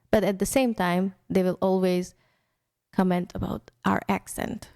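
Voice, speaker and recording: A woman's voice: on the low side, steady tone, moderate pace, warm tone. A young woman from India, hosting an internet radio show in casual, chatty storytelling talk with many restarts.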